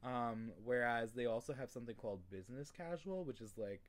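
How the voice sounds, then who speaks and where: A young man from New York State tutoring English in a casual lesson, relaxed, with many fillers and throat clearing. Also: medium pitch, a little fast. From New York State, USA.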